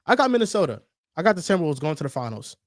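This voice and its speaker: A man hosting a casual sports debate show, talking in an animated, teasing, emphatic way. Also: on the high side, very fast, no echo, clean studio sound. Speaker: sports talk show host.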